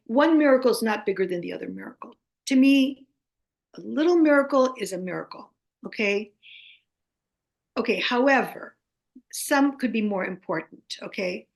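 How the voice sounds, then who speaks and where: An older woman from the United States in her seventies, an author and guest telling stories in an animated way and often checking in with "okay?". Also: fairly high pitch, gravelly. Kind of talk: animated anecdotal storytelling.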